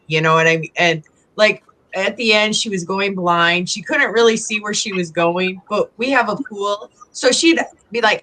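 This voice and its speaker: A woman's voice: mid-range voice, moderate pace, pushed and bright, a little hiss or hum, low-quality recording. A woman guest on a video call chat, telling a story and acting out what people said. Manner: storytelling, acts out voices in quotes. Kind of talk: casual chat.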